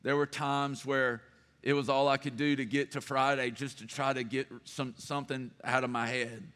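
In a church sanctuary, a middle-aged pastor delivers a sermon in an ordinary male pitch, with a flat, clean, slightly bright tone at a moderate pace. Earnest and personal, he builds to rising, emphatic repeated phrases, and a long hall reverb trails every word.

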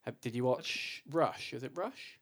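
A man's voice: medium pitch, a little slow, fairly bright tone. A man co-hosting a casual podcast chat, teasing his friend and swearing freely. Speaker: podcast co-host.

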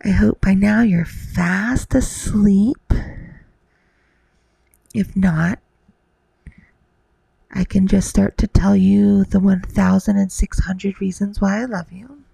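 A woman's voice: mid-range voice, fairly even intonation, slow pace, gravelly, pauses often, dark tone, slightly rough, no echo, poor audio. A woman telling a rhymed bedtime story to the listener in a whispered role-play.

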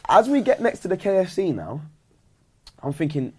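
A young man telling a story among friends, acting out his own thoughts in an animated way. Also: high voice, normal speed, long pauses, husky. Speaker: podcast co-host. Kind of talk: storytelling banter.

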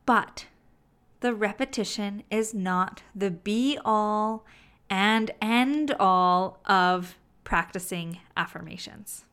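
A woman teaching self-help in a slow, deliberate way, with playful asides. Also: medium pitch, fairly bright tone, smooth. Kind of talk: motivational teaching monologue.

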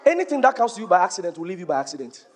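A man preaching a church sermon, emphatic and rising to shouts on key points, quoting scripture in old-fashioned wording. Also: high voice, sing-song, rapid-fire, very noisy.

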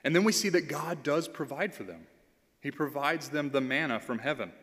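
A man's voice: fairly high pitch, animated, normal speed, a bit bright. A man serving as a pastoral intern, preaching a sermon in an earnest way, reading scripture aloud and repeating phrases for emphasis. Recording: long hall reverb.

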